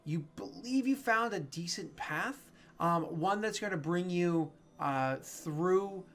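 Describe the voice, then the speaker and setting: A man running a tabletop game as game master, his voice sitting somewhat high. He rambles through the narration, full of fillers and self-corrections. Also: expressive, takes it slowly, a bit bright.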